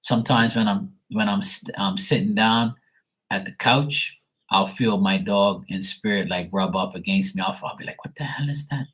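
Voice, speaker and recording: A man's voice: fairly low pitch, steady tone, normal speed, a bit bright, slightly rough, low-quality recording. A man reading tarot on a livestream from home, telling rambling stories in a casual way and swearing freely. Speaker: psychic tarot reader.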